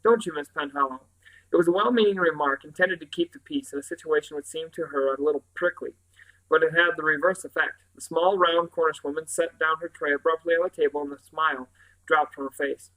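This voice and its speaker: A man reads a novel aloud, his voice sitting a little higher than most. He narrates in a steady, even storytelling manner. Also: a little fast, low-quality recording. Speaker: audiobook reader.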